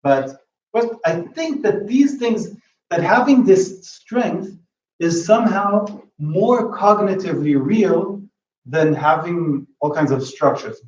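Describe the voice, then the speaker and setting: A man delivers a linguistics lecture in a halting, searching way, doubling back on his words. His voice sits a little high. The sound is distant and echoey, as if picked up from the back of a room. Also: darkish tone. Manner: hesitant, repeats words while thinking. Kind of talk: academic talk. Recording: roomy, distant, dull lecture-room recording.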